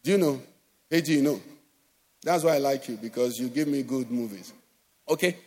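A man with a Nigerian accent preaching a sermon as pastor, animated, acting out quoted voices and often asking "do you understand?". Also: medium pitch, moderate pace. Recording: long hall reverb.

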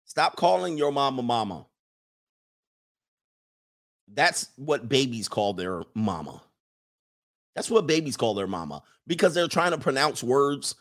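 Animated man ranting to viewers. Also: mid-range voice, a little slow, pauses often. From United States. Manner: animated, preachy, reads out viewer comments. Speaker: streamer. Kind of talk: casual comedic rant to viewers.

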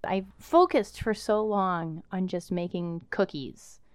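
A woman's voice: lowish voice, slow, smooth, no room sound. Woman, casual co-host, chatty, dry close recording. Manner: chatty, laughs often, acts out quotes. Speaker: podcast co-host. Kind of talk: casual chat.

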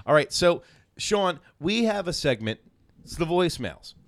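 A man's voice: fairly high pitch, very animated, unhurried, dry recording, studio quality. Profane, rambling male podcast host. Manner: loose and profane, lots of likes. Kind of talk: casual comedy chat.

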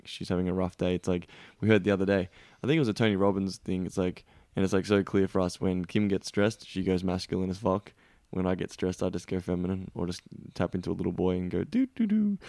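Deep, gravelly intense man. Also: darkish tone, no room sound, clean studio sound. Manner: intense, emphatic, swears freely. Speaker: podcast host. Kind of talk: casual podcast chat.

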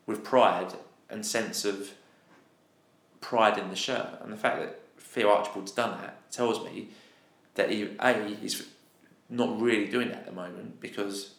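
Male podcast co-host, lowish voice, casual match review, room echo. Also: gravelly. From England. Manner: animated, exasperated opinions. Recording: roomy echo.

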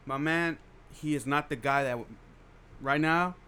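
A man's voice: fairly high pitch, a little slow, bright, forceful tone, a little hiss or hum. A young man chatting casually with friends, laid-back and slangy, laughing often. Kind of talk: casual chat.

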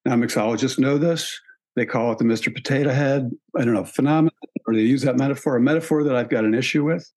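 A man's voice: mid-range voice, fast, a little mellow. Thoughtful man musing with ums. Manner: thoughtful, with frequent ums and restarts. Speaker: author and podcast guest. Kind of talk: relaxed conversational interview talk.

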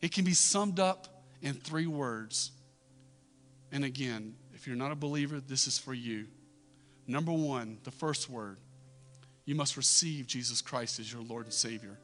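A man's voice: mid-range voice, measured pace, a bit bright, soft background music. Man, pastor, sermon, conversational then emphatic questions, church sanctuary, long hall reverb.

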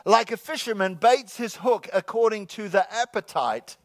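High-voiced jokey male pastor. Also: dry recording. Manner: jokey, repeats key lines slowly, calls out "come on, somebody". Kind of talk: sermon. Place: church sanctuary with congregation.

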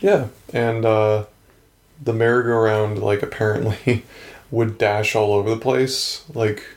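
A man's voice: lowish voice, flat delivery, unhurried. A man co-hosting a casual podcast, rambling and recapping a game with many fillers. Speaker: podcast co-host.

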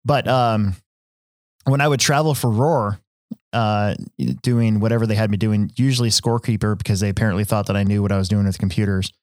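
Low-voiced man chatting loosely on a podcast. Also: steady tone, brisk, no room sound, clean studio sound. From Nebraska. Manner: rambling storyteller, many fillers and restarts. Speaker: podcast host. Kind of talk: casual chat.

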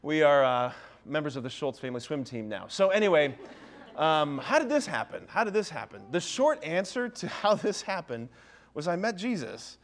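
A priest from Ohio in his thirties gives a humorous talk to parents in a parish hall or church, telling self-deprecating stories and repeatedly asking "right?". His voice is a little high and very animated, at normal speed.

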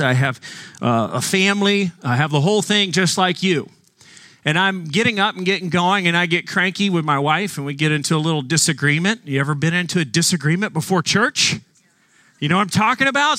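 A male pastor preaching a sermon, telling a story in a relaxed, conversational way with humor and slowing down to stress his points. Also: a little high, dry recording, studio quality.

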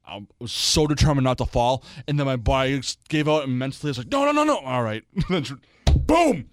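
A young man, co-hosting a casual podcast and telling stories in an animated way, jumping up into high voices for quotes. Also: fast talker, no room sound, clean studio sound. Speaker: podcast co-host. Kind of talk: casual chat.

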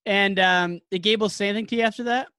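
A man hosts a casual interview, nudging his guest along with easy questions. His voice sits a touch high and is recorded dry and close, with no room sound. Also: fairly even intonation, quick pace, sharp tone, clean tone, no room sound. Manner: conversational, prompting questions with easy laughs. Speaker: host, interviewer.

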